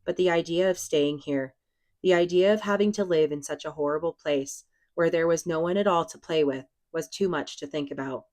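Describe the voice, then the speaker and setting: A woman reading a novel aloud in a steady, even narration. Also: sits low, moderate pace. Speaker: audiobook reader.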